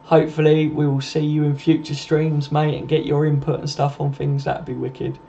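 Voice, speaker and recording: A man's voice: on the high side, level tone, normal speed, dark tone. A man hosting a casual live stream, chatting to viewers and calling them mate. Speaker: host. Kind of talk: casual live-stream chat reading comments. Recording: dull lo-fi home stream with faint noise.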